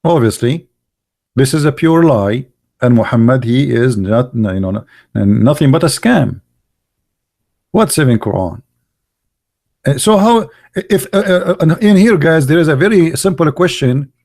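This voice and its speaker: A man's voice: mid-range voice, lively intonation, a little slow, creaky, pauses often, a little mellow. A man giving a mocking polemical monologue, full of rhetorical questions and broken grammar. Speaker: religious commentator.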